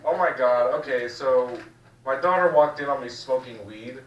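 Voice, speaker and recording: A man's voice: mid-range voice, normal speed, roomy sound, distant mic, background noise. A young man doing a rambling, crude, self-mocking stand-up set. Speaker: stand-up comedian. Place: small comedy room.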